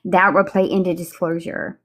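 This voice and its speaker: Brisk welcoming woman co-moderator. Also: on the low side, flat delivery, a little hiss or hum. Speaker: panel co-moderator. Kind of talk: live audio panel talk.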